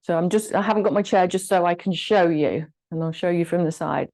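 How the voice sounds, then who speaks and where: A woman instructor guiding a gentle exercise class, giving encouraging cues and short counted commands. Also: lowish voice, fairly even intonation, a little fast, rough recording. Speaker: fitness instructor.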